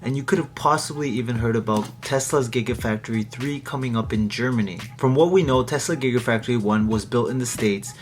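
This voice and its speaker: A man's voice: mid-range voice, a little fast, hardly any pauses, soft background music. A man from Canada giving casual commentary on a news article, talking to his viewers in a chatty way. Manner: chatty, asks viewers to like and subscribe. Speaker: YouTube commentator.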